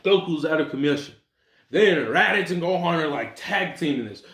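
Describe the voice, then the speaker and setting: A man's voice: a little high, lively intonation, normal speed, a bit bright. Slangy young man with a roomy echo. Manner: rambling, slangy, laughs at his own story, makes sound effects. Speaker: storyteller narrating an imagined fan scenario. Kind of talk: casual animated retelling with voiced quotes. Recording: roomy echoey home recording.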